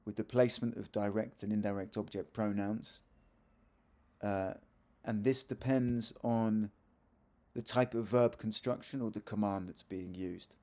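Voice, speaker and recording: A middle-aged man teaching a grammar lesson to camera, his low voice gravelly with fry and mellow in tone. He talks in a chatty, easygoing way, correcting himself mid-sentence and tossing in asides. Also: fairly even intonation, a little slow. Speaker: Spanish teacher. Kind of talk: video lesson explaining grammar.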